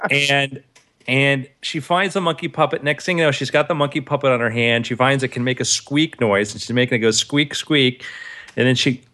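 A man in his thirties co-hosting a podcast, telling stories in a lively way and acting out the quotes. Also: mid-range voice. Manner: animated storyteller who acts out quotes. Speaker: podcast co-host. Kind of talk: casual storytelling chat.

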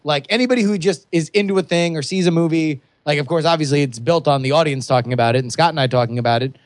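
A young adult man co-hosting a podcast, chatting casually and excitedly with many restarts. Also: on the high side, fast, no room sound, studio quality. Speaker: podcast co-host. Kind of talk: casual chat.

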